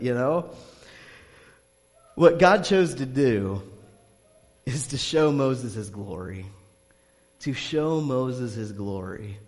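A man's voice: medium pitch, slow pace, long pauses. Chatty male pastor in a big echoing hall. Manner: conversational, animated storytelling with many fillers. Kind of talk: sermon. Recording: long hall reverb.

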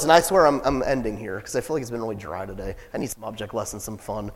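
A man's voice: mid-range voice, fast talker, few pauses, long reverb tail. A man preaching a casual sermon in a church, with joking asides and laughter. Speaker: pastor. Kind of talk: conversational sermon. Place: church sanctuary.

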